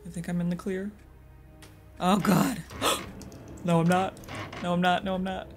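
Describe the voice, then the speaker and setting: A young woman playing a horror game, talking to herself and shrieking when startled, then hushing to a mutter while hiding. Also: on the low side, little pitch movement, normal speed, over music. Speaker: gaming streamer. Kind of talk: horror game playthrough commentary.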